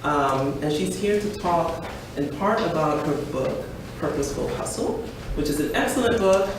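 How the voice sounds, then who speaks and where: A woman's voice: low voice, expressive, moderate pace. Woman from Brooklyn introducing a speaker in an echoey room. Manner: warm introduction with fillers and small laughs. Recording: echoey room, voice from far off, noisy.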